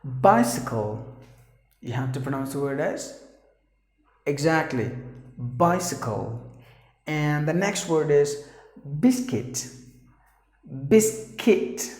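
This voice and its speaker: Slow-paced man teaching pronunciation. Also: on the high side, expressive. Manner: repeats words slowly, corrects himself often. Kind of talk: pronunciation lesson. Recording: echoey room.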